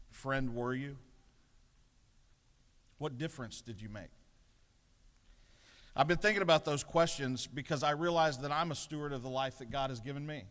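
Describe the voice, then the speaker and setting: A middle-aged pastor with a mid-range, slightly bright voice gives the morning devotion as a sermon, telling a story with self-deprecating humor. He speaks in a large legislative chamber, and the recording carries its long reverb.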